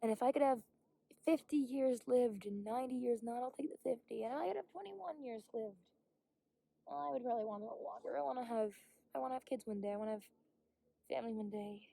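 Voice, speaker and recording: A woman's voice: a little high, fast talker, gravelly, mellow, dry recording. A young woman vlogging outdoors on a hike, rambling candidly, swearing often and sometimes dropping to a whisper. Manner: drops to a whisper at times. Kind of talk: casual vlog monologue. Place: outdoors on a hiking trail.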